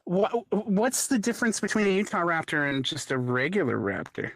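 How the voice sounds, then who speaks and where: A woman hosting a podcast in casual chat, with an animated, giggly manner and hesitant fillers. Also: lowish voice, normal speed. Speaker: podcast host.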